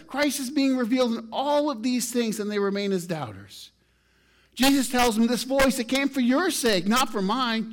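A male pastor preaching a sermon, reading scripture aloud, with his voice rising and falling for emphasis. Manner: reads scripture aloud, rises and falls in pitch and volume for emphasis.

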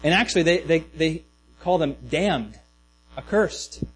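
Male pastor, sermon, conversational, restarts and asides, slightly high voice, faint hum behind. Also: expressive, a little slow, rough recording.

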